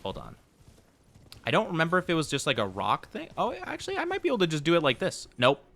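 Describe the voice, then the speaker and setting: Animated, bright-voiced male game streamer. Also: a little high, fast, gravelly. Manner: chatty and playful, laughs often. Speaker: VTuber streamer. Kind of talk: casual gaming commentary to chat.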